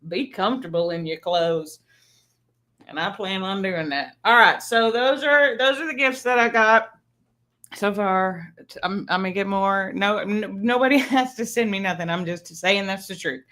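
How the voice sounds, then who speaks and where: A woman's voice: mid-range voice, moderate pace, a bit bright. Chatty, giggly woman in her fifties. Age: 50s. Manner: chatty, laughs often while telling stories. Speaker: livestream host. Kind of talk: casual birthday livestream chat. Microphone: streaming setup mic.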